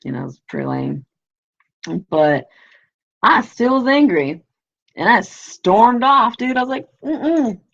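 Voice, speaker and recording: A woman's voice: a little high, very animated, unhurried, creaky, pauses often, a bit bright. A woman telling a story casually on a livestream, rambling and peppering it with "you know", "like" and the odd swear. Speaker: livestream host. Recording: lo-fi livestream audio.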